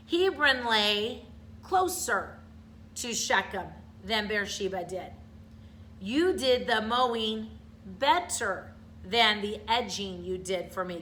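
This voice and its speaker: A woman's voice: mid-range voice, sharp tone, a little hiss or hum. A middle-aged woman teacher giving an online grammar lesson, explaining patiently step by step and checking in with her students.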